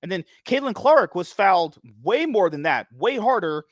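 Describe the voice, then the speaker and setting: A man's voice: sits high, normal speed, no room sound, clean studio sound. A man in casual podcast chat, ranting and mocking with lots of swearing. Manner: animated, swearing, mocking rants.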